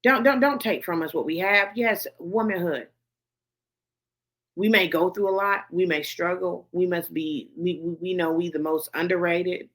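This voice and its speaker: A woman's voice: on the low side, normal speed, a bit bright. A woman host giving blunt, profane commentary to camera, swearing heavily and repeating her points for emphasis. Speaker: host of a gossip commentary show.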